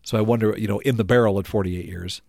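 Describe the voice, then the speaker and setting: A man's voice: on the low side, steady tone, quick pace, creaky, darkish tone, no room sound, clean studio sound. A man co-hosting a casual podcast chat. He laughs often and trails off with fillers. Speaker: podcast co-host.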